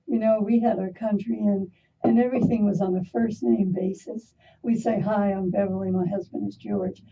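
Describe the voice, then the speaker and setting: A woman's voice: mid-range voice, steady tone, normal speed, slightly rough, distant mic, narrow, tinny audio. A woman guest on a radio talk show, chatting and telling a story. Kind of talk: casual anecdote.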